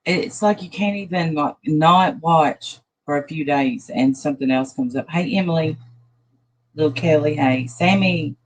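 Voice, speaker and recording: A woman's voice: sits low, unhurried, rough recording. A tired, sad-sounding middle-aged woman, rambling loosely through a casual phone livestream as she greets her viewers one by one. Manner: loose, rambling talk with restarts. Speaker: livestream host.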